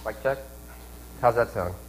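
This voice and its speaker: A man who is a little sick preaches and teaches conversationally in a medium-pitched, slightly slow voice, posing questions to his listeners. Background noise is present in this sermon.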